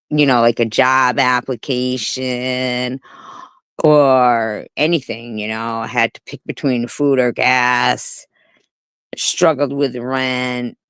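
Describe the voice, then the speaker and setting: Slow-talking woman streamer, clear voice. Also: rumbling low, no room sound, poor audio. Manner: unhurried, opinionated, with fillers like "um" and "you know". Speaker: commentary streamer. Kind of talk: casual commentary chat.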